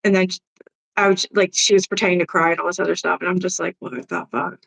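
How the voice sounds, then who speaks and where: A woman's voice: fairly low pitch, little pitch movement, quick pace, vocal fry, fairly bright tone, poor audio. Blunt, foul-mouthed woman chatting live. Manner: blunt, profane gossip with frequent laughs; reads and answers viewer comments. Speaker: livestream host. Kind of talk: casual live-stream chat.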